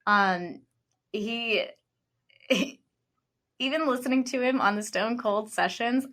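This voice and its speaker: A woman's voice: fairly high pitch, takes it slowly, a bit bright. Chatty woman podcast co-host. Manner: says "like" often mid-sentence; chatty, enthusiastic. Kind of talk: casual chat.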